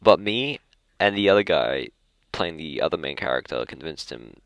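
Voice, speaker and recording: A young man with a natural Australian accent talks casually into the mic, his voice low and the sound dry and close. He rambles through half-finished thoughts, corrects himself mid-sentence and chuckles at his own tangents. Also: expressive, moderate pace, fairly bright tone, no room sound. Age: young adult. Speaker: podcast host. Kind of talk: casual chat. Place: school library.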